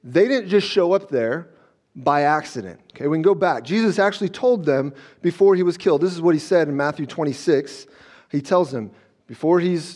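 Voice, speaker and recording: A male pastor with a voice on the high side and a little mellow gives a conversational sermon. He often checks in with "okay?", restarts his thoughts, and acts out scenes as he goes.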